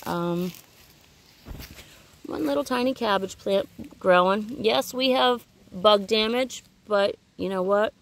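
Holding the camera herself, a woman who vlogs about homesteading walks through her vegetable garden outside. She speaks slowly at a medium pitch, rambling in a chatty way and fixing her own words mid-sentence.

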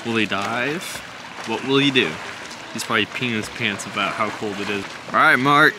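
A man's voice: on the low side, normal speed. A man vlogging casually, teasing his friends and mock-announcing their dives outdoors in a city. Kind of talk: casual vlog chat and joking. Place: outdoors in a city, by a pool and in town. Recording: noisy outdoor ambience.

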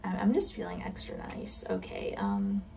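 A woman chatting casually while playing a game, self-deprecating and quick to giggle at her own mistakes. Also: fairly low pitch, huge pitch swings, vocal fry, warm tone, recorded from a distance, slight background noise. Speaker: gamer reacting to a game. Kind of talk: casual gameplay commentary.

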